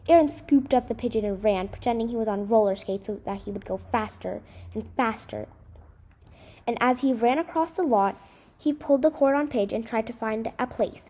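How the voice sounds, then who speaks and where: A woman reading a short story aloud in an expressive, dramatic way. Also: fairly high pitch, breathy edge.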